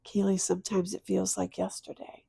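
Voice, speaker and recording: A middle-aged woman, a podcast guest, telling a personal story of loss, tearful and earnest, moving from soft hushed lines to louder bursts. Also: medium pitch, completely flat delivery, normal speed, vocal fry, slightly rough, no room sound.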